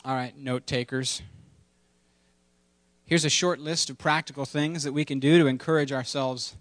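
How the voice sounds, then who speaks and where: A man's voice: medium pitch, fairly even intonation, moderate pace, a bit bright, dry recording. A man preaching a sermon in a conversational, humorous way, with playful asides and emphatic repetition. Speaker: pastor.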